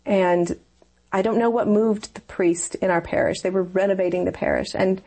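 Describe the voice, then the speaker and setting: A woman's voice: mid-range voice, steady tone, moderate pace, warm tone. A woman telling a personal faith story in a conversation, earnest and rambling, with many fillers. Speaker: interview guest.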